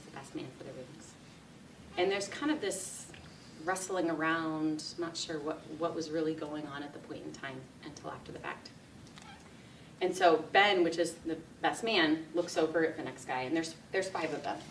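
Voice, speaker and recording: A woman giving a speech, telling a personal story in a lively way and laughing often. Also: sits low, a little hiss or hum. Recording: echoey room, mic from a distance.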